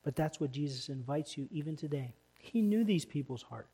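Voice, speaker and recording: A man's voice: fairly high pitch, expressive, brisk, a little hiss or hum. A man preaching a sermon in church as pastor, with emphatic, building stresses. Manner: emphatic, rising to loud stresses.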